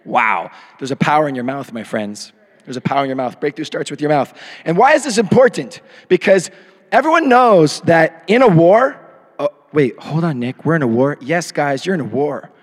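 A man in his thirties preaching a sermon into a microphone, swinging from hushed asides to shouted peaks. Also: a little high, lively intonation, moderate pace. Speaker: pastor. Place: church hall. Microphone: handheld or podium microphone. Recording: long hall reverb.

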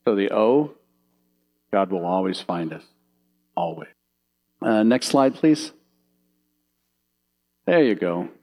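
A lowish-voiced man preaches slowly, pausing often, in a roughly recorded sermon built on slides. Vivid short stories and direct questions to the audience fill his animated delivery.

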